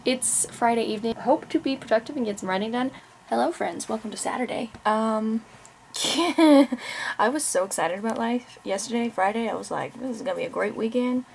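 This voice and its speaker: A woman's voice: a little high, normal speed, vocal fry, a little hiss or hum. A young adult woman, an author, chatting candidly at home in a rambling vlog with many fillers and restarts. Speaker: author and vlogger. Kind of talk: casual vlog chat.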